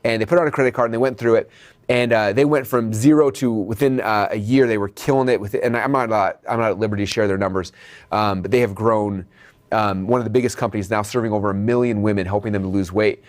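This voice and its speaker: A man teaching an online business course in an energetic, motivational style, speaking straight to the viewers and often checking in with "okay?". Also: on the low side, quick pace. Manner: addresses viewers as "you guys". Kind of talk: motivational video training.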